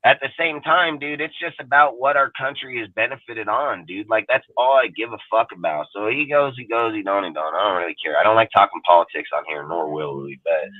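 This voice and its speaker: A man's voice: fairly low pitch, fairly quick, few pauses, no echo. Profane heated man over a thin line. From United States. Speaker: podcast co-host. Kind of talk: ranting casual talk show. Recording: dry, phone-like band-limited audio.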